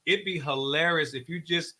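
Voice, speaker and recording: A man's voice: a little high, normal speed. A man from Oakland, a comedian guest, telling stories in a slangy, playful way on a talk show. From Oakland, California. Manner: animated storyteller, slangy, playful. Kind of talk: casual talk show interview.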